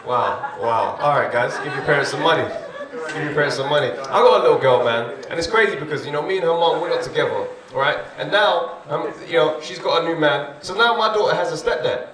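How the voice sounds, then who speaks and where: A young man doing a stand-up comedy set, chatty and animated, often asking "you know what I mean?". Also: fairly high pitch, fairly quick. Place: comedy club stage. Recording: echoey club, far from the mic, loud noise and crowd.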